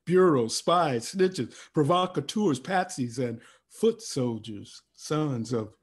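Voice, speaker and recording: A performance poet reads his own spoken word piece over a video call in a high-leaning, expressive, breathy voice, taking it slowly. He uses rhythmic, chanted repetitions and rising cries.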